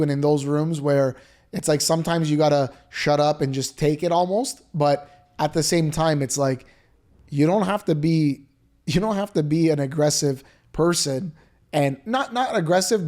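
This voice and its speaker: A man's voice: a little high, a little mellow. A man hosting a casual interview, earnestly agreeing and chiming in with his own views. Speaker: host.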